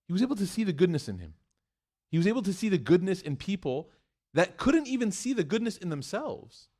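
This male preacher's voice sits high and moves fairly quickly. In his storytelling sermon he plays the characters' voices with animated humor, then exhorts his listeners earnestly.

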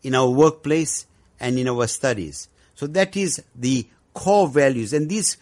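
A man speaking as a guest about education, earnest and measured, with frequent pauses. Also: medium pitch, animated, darkish tone. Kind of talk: discussion on education.

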